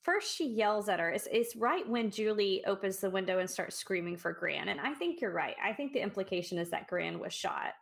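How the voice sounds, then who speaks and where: This podcast co-host speaks at mid pitch, animated and a little fast, with a creaky edge and hardly any pauses. In a casual book chat she reflects on a short story, thinking aloud and restarting.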